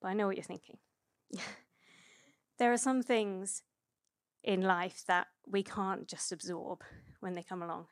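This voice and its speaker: A woman in her thirties giving a conversational sermon, chatty and relaxed, with frequent fillers and self-corrections. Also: medium pitch, a little slow, dry recording, studio quality. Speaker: preacher.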